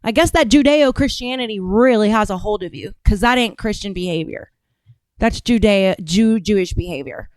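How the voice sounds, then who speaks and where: A woman's voice: medium pitch, moderate pace, dry recording. A woman hosting a reaction video, talking casually in a blunt, rambling, profane way.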